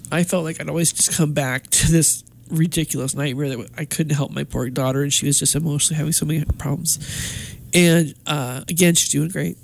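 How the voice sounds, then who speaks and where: A woman's voice: low voice, fairly even intonation, a little fast, creaky, slight background noise. A middle-aged woman telling a personal story with emotion, often tearful and laughing, acting out what others said. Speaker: guest sharing her experience.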